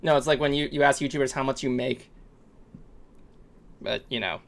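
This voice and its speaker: A man's voice: medium pitch, steady tone, moderate pace, vocal fry, fairly bright tone. Brief: male co-host, casual stream chat, rambling and jokey. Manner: rambling, jokey, breaks into a salesman voice. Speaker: talk show co-host.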